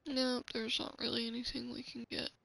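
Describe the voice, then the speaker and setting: A woman's voice: fairly high pitch, monotone, normal speed, gravelly, a bit bright, no room sound. A woman casually commenting as she plays a video game, chatty and sometimes dropping to a whisper. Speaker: gamer.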